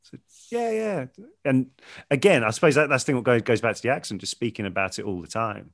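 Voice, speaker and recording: A man's voice: mid-range voice, quick pace, no echo, clean studio sound. A man interviewing a guest, asking loose, trailing questions in a casual way.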